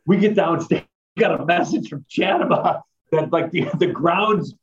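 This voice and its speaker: Ex strength coach guy chatting loose, full of likes and laughs, slightly high voice, muffled audio. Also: expressive, normal speed. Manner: rambling storyteller, lots of fillers and laughs. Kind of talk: casual chat. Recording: dull lo-fi sound.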